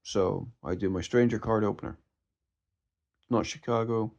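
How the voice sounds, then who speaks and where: In a muffled recording, a man with a fairly low, creaky, slightly mellow voice speaks a little slowly. He's a mentalist talking casually and emphatically about magic performance, frequently restarting sentences as he instructs.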